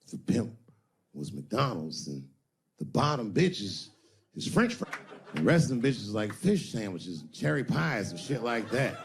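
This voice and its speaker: A male stand-up comedian telling a crude story in a punchy way to a live room. His pitch swings widely from phrase to phrase, and he drops low for emphasis. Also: big pitch swings, unhurried, slight background noise.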